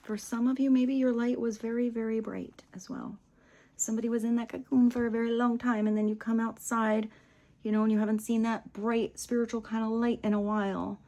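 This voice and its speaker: A woman giving a casual tarot reading, gentle and chatty, dropping to soft near-whispers on spiritual lines and laughing often. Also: a little high, level tone, a little fast. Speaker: tarot reader. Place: home room with small table.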